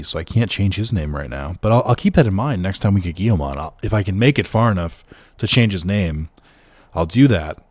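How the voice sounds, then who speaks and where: A man's voice: deep voice, a little mellow. A young man casually chatting with his viewers while streaming a game, joking and rambling with lots of fillers. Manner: chatty, joking, talks to chat, frequent fillers. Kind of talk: casual livestream commentary.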